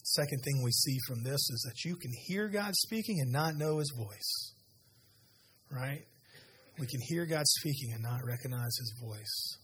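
A man preaching a sermon as pastor, retelling scripture with lively conversational asides to a church audience. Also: medium pitch, a little slow, breathy edge. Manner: animated storytelling, conversational asides. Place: church sanctuary.

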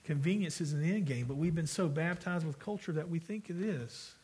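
A man's voice: on the high side, brisk, mellow, breathy edge. A man preaching a sermon as pastor, earnest and conversational, with frequent restarts.

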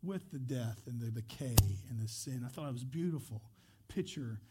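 A man's voice: mid-range voice, expressive, brisk, over loud music. A man pastor leading a church service, telling a story and praying in an earnest, conversational way with restarts. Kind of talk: church service talk and prayer.

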